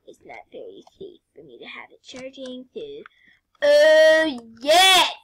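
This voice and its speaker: A young woman playing a video game, excitable, swinging between hushed whispers and loud squeals. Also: high voice, slow. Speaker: gamer. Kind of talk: casual gameplay commentary.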